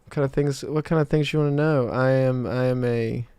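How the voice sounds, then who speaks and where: A man's voice: mid-range voice, fairly even intonation, a little fast, darkish tone, clean tone, no echo. A man in his twenties from South Georgia, hosting a casual livestream and chatting with viewers in a rambling way, with lots of fillers. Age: 20s. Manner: rambling, many fillers and restarts. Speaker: livestream host. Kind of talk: casual livestream chat, reading chat.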